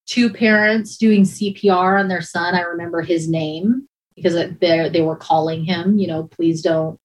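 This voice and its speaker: A woman and former emergency dispatcher recounting hard calls in a halting, emotional way, with many restarts and pauses. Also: fairly low pitch, rough recording. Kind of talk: personal account in a conversation.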